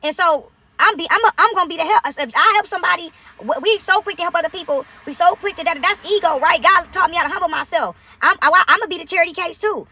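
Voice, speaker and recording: Woman, high bright voice, chatty storyteller, "right?" after every point. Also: quick pace, hardly any pauses. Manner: animated, chatty, frequent "right?" asides. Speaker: vlogger. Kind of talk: casual storytelling monologue.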